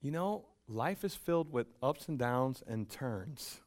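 A man preaching a sermon as pastor, acting out conversations, swinging between loud emphatic lines and hushed quiet ones, at a church pulpit. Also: medium pitch, expressive, a little slow. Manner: acts out dialogue with God and Paul.

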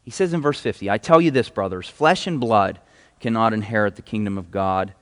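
A man's voice: fairly low pitch, fairly quick. A man preaching a sermon as a pastor in a casual, enthusiastic way, reading scripture aloud. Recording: hall reverb.

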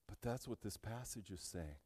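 A man preaching a sermon as pastor, swinging from quiet storytelling to shouted, rising climaxes. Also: on the low side, expressive, normal speed, slightly rough, long reverb tail.

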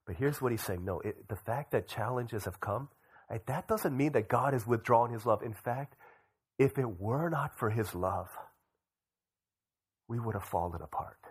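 A young man preaching a sermon at an average pitch. He delivers it in an animated way and slips into quoted voices. His pitch jumps around a lot. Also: moderate pace, slightly rough. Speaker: pastor.

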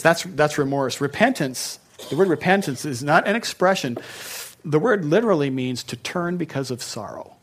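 A man's voice: fairly high pitch, expressive, normal speed, slightly rough. A male pastor preaching a sermon in a conversational way, with joking asides.

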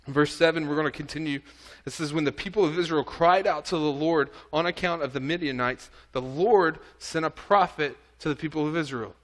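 Earnest, higher-pitched male preacher. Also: fairly quick, fairly bright tone. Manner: reads scripture then exhorts, pleading and earnest. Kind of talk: sermon.

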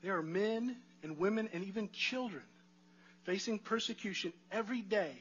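A man's voice: sits high, normal speed, fairly bright tone, slightly rough, highs cut off. A man preaching a sermon in a conversational way, asking the congregation rhetorical questions. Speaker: pastor.

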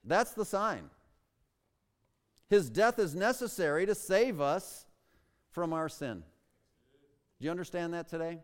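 A man's voice: fairly high pitch, expressive, unhurried, long pauses. A man preaching a sermon as pastor, emphatic and full of rhetorical questions, stretching out key words for stress. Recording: long reverb of a large hall.

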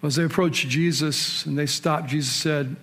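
Higher-voiced male pastor preaching. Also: fairly even intonation, moderate pace, a little hiss or hum. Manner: storytelling, with sudden rises in pitch and loudness for emphasis; conversational, with asides and direct questions to the listeners. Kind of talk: sermon.

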